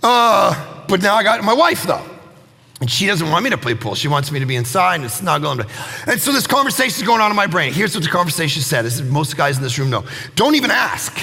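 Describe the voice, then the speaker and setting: A pastor in his thirties or forties preaching a lively sermon, telling self-mocking stories and acting out other people's voices. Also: fairly high pitch, quick pace, gravelly. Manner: animated, self-mocking storytelling; acts out quoted voices. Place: church auditorium. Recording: long hall reverb with faint music.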